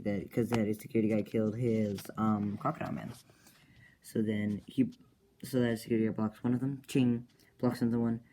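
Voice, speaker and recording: A man's voice: on the low side, mellow, rough recording. A man casually retelling an adventure story he made up, hesitant, with many ums and restarts. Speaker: comic creator retelling his story. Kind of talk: rambling casual story recap. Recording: clear background noise.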